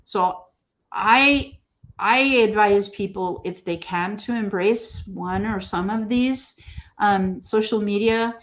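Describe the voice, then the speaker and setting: A woman mosaic artist being interviewed, telling stories gently and acting out what people say. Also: mid-range voice. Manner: slow, gentle storytelling with lively quoted voices. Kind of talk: casual interview conversation.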